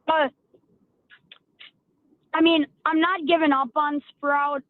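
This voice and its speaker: A man calling into a sports radio show, talking in halting, stop-start sentences over a phone line. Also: very high-pitched, little pitch movement, no room sound. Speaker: caller.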